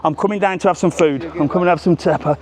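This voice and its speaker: A man's voice: high voice, racing, crowd noise. A middle-aged man with a cheeky, chatty manner, hosting a live walking vlog on a seaside promenade. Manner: cheeky, chatty, jokes with strangers. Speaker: travel vlogger.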